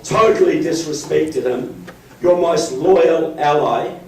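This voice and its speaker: Taking it slowly in a fairly high voice, a man from New Zealand, accent clear and nursing a cold, delivers a joking, rallying political speech as guest speaker at a county board meeting room and keeps saying "folks." The far-off mic catches room echo and slight background noise.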